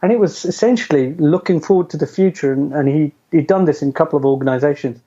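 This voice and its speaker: A man's voice: a little high, fast, warm tone. A middle-aged man telling his career story as an interview guest, chatty and self-deprecating, laughing often. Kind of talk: casual storytelling. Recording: dull lo-fi audio.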